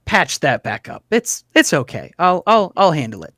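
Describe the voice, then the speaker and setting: A man voicing a grateful, gentle middle-aged father in a tabletop game, speaking earnestly and haltingly. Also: fairly high pitch, very animated, dry recording, clean studio sound, full character voice. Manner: earnest and hesitant, halting restarts.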